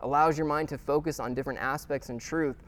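A man's voice: fairly high pitch, fairly even intonation, fairly quick, a bit bright, a little hiss or hum. A man teaching a weekly Bible study class in a casual, conversational way, with many fillers and restarts and check-ins with his listeners.

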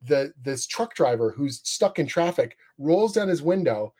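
A man who draws comics, chatting casually and telling animated stories with frequent laughs. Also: on the high side, unhurried, husky. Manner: animated storyteller, laughs often. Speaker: comic artist guest. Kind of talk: casual chat.

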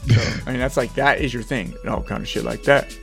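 An excitable man co-hosting a podcast, talking fast when worked up and swearing freely. He laughs often and sounds like he's having fun. Faint music plays softly underneath. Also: mid-range voice, vocal fry. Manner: excitable, swears a lot, laughs often, breaks into mock voices. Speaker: podcast co-host. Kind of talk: casual podcast chat.

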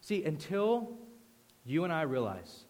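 A man preaches in a lively, conversational way, swinging from punchy storytelling to sudden quiet emphasis. His voice sits a little on the high side. The sound carries the long reverb of a big hall. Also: takes it slowly. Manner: animated, conversational storytelling with sudden hushed drops. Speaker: pastor. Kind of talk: sermon.

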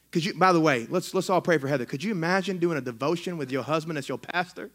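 Excitable pastor preaching. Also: male voice, on the high side, fast, few pauses. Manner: excitable, conversational preaching with frequent restarts. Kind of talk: sermon. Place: church sanctuary.

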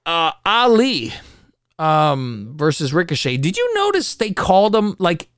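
A man co-hosting a podcast, recapping wrestling in casual, profane, animated chat. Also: fairly high pitch, a little slow, clear, resonant tone, no room sound, studio quality. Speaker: podcast co-host.

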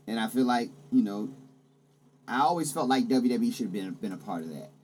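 A man's voice: mid-range voice, animated, brisk, a little mellow, slight background noise. A man chatting casually about wrestling, laid-back and swearing, repeating his points.

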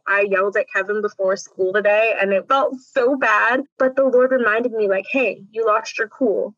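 A woman's voice: mid-range voice, fairly bright tone, dry recording. A woman talking as a podcast guest in an earnest, encouraging way, sharing her faith as a single mother. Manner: earnest, encouraging, with bursts of laughter. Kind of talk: faith-based conversation. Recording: dull, dry podcast audio.

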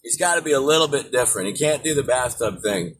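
A man's voice: medium pitch, animated, fast talker, fairly bright tone, distant mic, slight background noise. A man hosting his own daily podcast, chatting casually and ranting with plenty of swearing. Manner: profane, rambling rant. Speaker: podcast host. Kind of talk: casual solo podcast talk.

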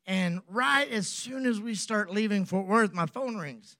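A pastor with a high voice tells a personal story from the pulpit. He acts out both sides of a conversation and swings from quiet asides to loud, animated outbursts. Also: measured pace, no room sound, studio quality. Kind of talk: storytelling sermon.

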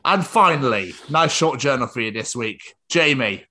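A British man hosting a podcast, bantering casually, swearing freely and acting out little everyday scenes in quick put-on voices. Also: mid-range voice, expressive, sharp tone, slight background noise. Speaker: podcast host.

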